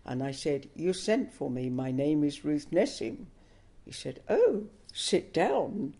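An older woman recounts her memories as an interviewee, taking her time and chuckling now and then. Her voice has a gravelly fry running through it. The tone sits dark and mellow. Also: low voice, animated. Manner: unhurried storyteller, chuckles while recalling. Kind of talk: telling a personal story.

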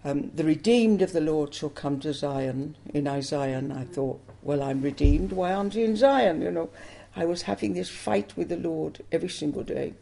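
A woman's voice: low voice, normal speed, vocal fry, hardly any pauses, dark tone. An older woman from England, telling her life story in an interview with earnest emotion. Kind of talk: personal testimony interview.

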